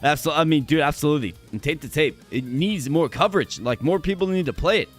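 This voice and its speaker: A man with a hoarse voice, chatting energetically with viewers during a live stream. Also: a little high, lively intonation, fast, soft background music.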